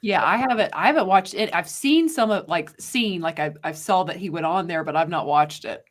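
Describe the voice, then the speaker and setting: A woman speaking as a panelist on a live online show, reacting quickly and laughing often. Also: on the low side, expressive. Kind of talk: casual panel chat.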